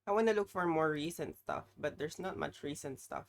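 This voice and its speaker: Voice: mid-range voice, a little fast. A live streamer chatting casually with their audience in a rambling, apologetic way while reacting to videos.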